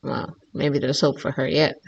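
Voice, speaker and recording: A woman's voice: very deep voice, little pitch movement, moderate pace, gravelly, husky, lo-fi sound. Female reaction host, conversational commentary, teasing and exasperated. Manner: talks back at the screen, teasing and exasperated.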